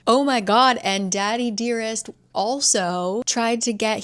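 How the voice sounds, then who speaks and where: Chatty woman reviewer recapping a plot, swears freely, mid-pitched everyday voice. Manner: chatty, swears, voices characters while retelling. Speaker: book reviewer. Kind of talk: casual book recap.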